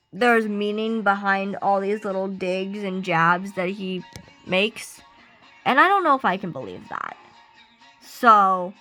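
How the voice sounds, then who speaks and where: Woman vlogger, bright lively voice, chatty rant over faint background music. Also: a little high, low-quality recording. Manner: animated, ranting, many fillers. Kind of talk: casual rant while doing makeup. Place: at home getting ready. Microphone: camera she sets up herself.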